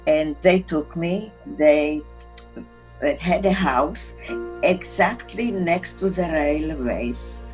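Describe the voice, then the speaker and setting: A woman, recounting her life in an interview in halting, broken English as she searches for words. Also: deep voice, faint music behind, low-quality recording. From Czechoslovakia. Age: 80s. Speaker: interviewee, Holocaust survivor. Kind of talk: personal storytelling in interview.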